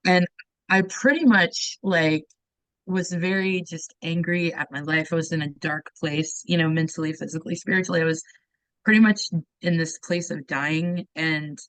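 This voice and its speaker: Earnest low-voiced woman telling her story. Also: moderate pace, a bit bright, no echo, poor audio. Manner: earnest, acts out quoted voices, frequent "like" fillers. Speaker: guest sharing her testimony. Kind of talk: personal testimony storytelling.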